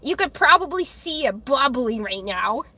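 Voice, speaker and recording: A woman livestreaming, ranting angrily to her chat, with halting restarts and repeated words. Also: high-pitched, very animated, sharp tone. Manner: angry, heated ranting with swearing.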